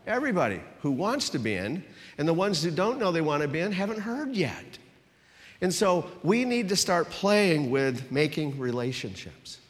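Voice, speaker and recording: A man's voice: a little high, big-room sound. A man preaching a sermon as a pastor, talking conversationally and getting the congregation to repeat phrases back to him. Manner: conversational preaching with audience call-and-response.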